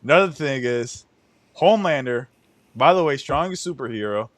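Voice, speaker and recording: A man's voice: mid-range voice, lively intonation, moderate pace, a bit bright, dry recording. A man hosting a casual podcast chat, ranting in a profane, incredulous way. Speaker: podcast host.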